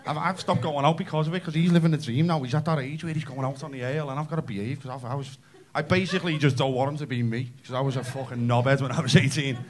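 In his 30s, a man with a medium-pitched, fairly even voice rattles through a brash, sweary stand-up set at a quick clip, talking directly to the club crowd. It's a live recording, with the audience laughing and cheering in the background.

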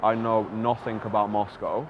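A man's voice: fairly low pitch, level tone, moderate pace, highs cut off, a crowd in the background. An English man flirting teasingly with strangers on a busy city street. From England. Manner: cheeky, teasing. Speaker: pickup coach. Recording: noisy outdoor street recording.

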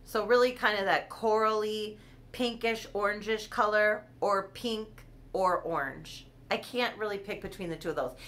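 A woman's voice: mid-range voice, fairly bright tone. A woman chatting casually on her own vlog, rambling and giggling as she goes. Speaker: doll collector hosting her channel.

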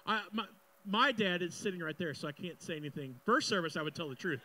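A young male pastor delivers a sermon, reading a scripture passage aloud. Between readings he drops into casual, joking asides with the congregation. His voice sits a little on the high side. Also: lively intonation, fast, bright, forceful tone, rough recording.

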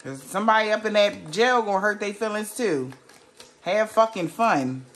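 A woman's voice: medium pitch, lively intonation, moderate pace, fairly bright tone. Blunt, swearing woman reading tarot. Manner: blunt, profane and emphatic; rhetorical questions to the viewer. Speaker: tarot reader.

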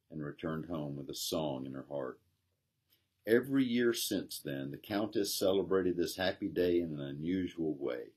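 A man, a pastor, gently reading a children's story aloud. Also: sits low, husky. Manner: gentle storytelling, plainly voicing characters.

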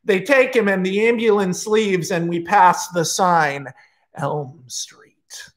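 Taking it slowly, a male screenwriter spins a film pitch as a loose, profane story, full of energy and side comments.

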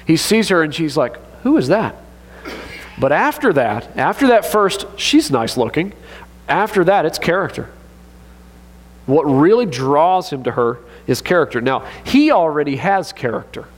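Man, pastor, sermon, animated, joking, fairly high voice, echoing church hall. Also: moderate pace. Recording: long reverb of a church hall.

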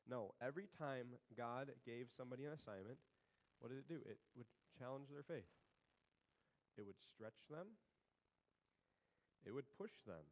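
A man's voice: medium pitch, moderate pace, long pauses, poor audio. A male pastor preaching a sermon in a conversational, humorous way, with sarcastic asides.

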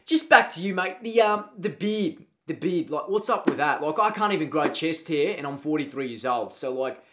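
A man's voice: on the high side, lively intonation, normal speed, noisy background, close to an everyday voice. A man playing a brash, blunt Australian PE teacher in his forties who calls everyone mate, in a comedy sketch. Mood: nosy.

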